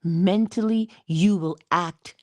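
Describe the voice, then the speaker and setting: A middle-aged woman giving a motivational morning talk, speaking slowly and deliberately and answering her own rhetorical questions. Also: fairly low pitch, darkish tone, no echo. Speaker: inspirational speaker.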